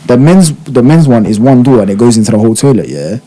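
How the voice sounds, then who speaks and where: A man's voice: mid-range voice, animated, fast talker, crowd noise. A young man, hosting a casual podcast chat and telling a story full of slang and acted-out voices. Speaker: podcast host.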